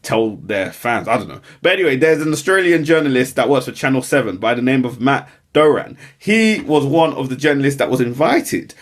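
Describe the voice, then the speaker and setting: A man's voice: mid-range voice, lively intonation, fairly quick, few pauses. A man co-hosting a casual podcast, rambling through a news story and teasing his co-host. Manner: rambling, repeats "obviously" a lot, teasing.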